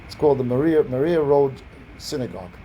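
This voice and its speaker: A man's voice: medium pitch, animated, brisk, mellow, a little hiss or hum, poor audio. A man teaching as a rabbi over a video call, telling a story in a rambling way, repeating words and restarting often. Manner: lifts his voice when quoting people. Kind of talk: storytelling lesson. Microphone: online video call.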